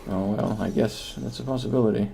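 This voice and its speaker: Brief: male host with a lowish voice, wry and teasing, casual comedic gaming chat. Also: fairly even intonation, brisk, gravelly, dark tone.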